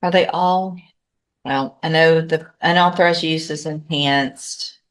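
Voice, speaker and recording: A low-pitched woman serving as judge, speaking in a courtroom. She reads formal charges and asks plea questions in a methodical, procedural manner. She pauses to think aloud while working through her papers. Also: steady tone.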